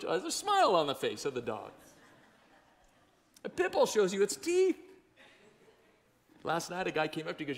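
A man preaching a sermon as pastor, talking conversationally, asking the congregation questions and telling stories with lively energy. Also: high-pitched, normal speed. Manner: conversational, animated storytelling with audience questions. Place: church sanctuary. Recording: long church hall reverb.

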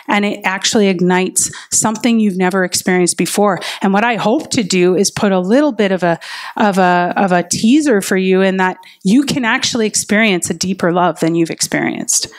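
A woman preaching a sermon in an earnest, personal way, telling stories of her own faith. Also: medium pitch. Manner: earnest and personal, with lively retold inner dialogue.

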